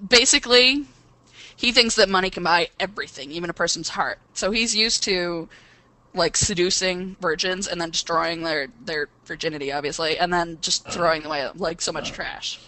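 A woman's voice: lowish voice, moderate pace, sharp tone, poor audio. A woman chatting casually among friends, laughing often and trailing off into fillers. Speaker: podcast co-host. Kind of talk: casual chat.

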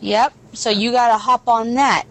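A woman's voice: on the high side, steady tone, moderate pace, fairly bright tone, a little hiss or hum. A young woman co-hosting a podcast, reacting and teasing her co-host with short replies. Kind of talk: casual chat.

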